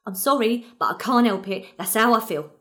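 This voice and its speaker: A fond, grieving working-class mother with a Cockney accent, played by a woman in a radio play. Her voice sits a little high, and she rambles in an earnest, apologetic way. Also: animated, fairly quick, a bit bright. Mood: apologetic pleading. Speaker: actor in an audio drama.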